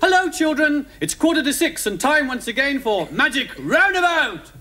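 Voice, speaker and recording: A man's voice: very high voice, big pitch swings, moderate pace, heavy background noise, pitched above the performer's own voice. A man voicing a chirpy children's TV presenter with a sing-song, overly sweet manner. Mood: sugary. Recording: live TV stand-up, heavy audience laughter.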